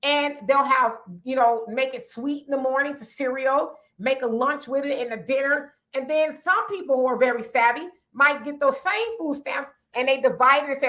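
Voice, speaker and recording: A woman with a raspy voice co-hosting a casual livestream chat, reading viewer comments aloud and answering them in a conversational way. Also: sits high, moderate pace, hardly any pauses, pushed and bright. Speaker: livestream co-host.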